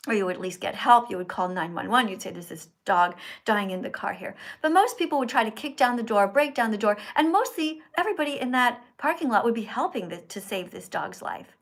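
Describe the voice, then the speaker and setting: A woman's voice: fairly high pitch, lively intonation, fast talker, hardly any pauses. A woman hosting a live stream from her phone, talking earnestly and in a preachy, teacherly way to her viewers. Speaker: livestream host. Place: indoors in Italy.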